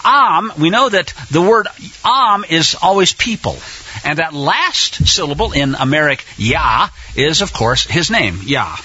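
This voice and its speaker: A man's voice: fairly high pitch, sing-song, unhurried, pushed and bright, slightly rough. Enthusiastic man on lo-fi radio. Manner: rambling, enthusiastic, with many fillers and restarts. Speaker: radio host. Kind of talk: religious radio talk. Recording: dull lo-fi radio sound.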